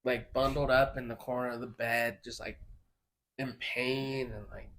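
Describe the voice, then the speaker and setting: A man's voice: medium pitch, flat delivery, measured pace, a bit bright, rough recording. A young man co-hosting a casual podcast chat, laid-back and slangy, mostly chiming in with short remarks. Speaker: podcast co-host.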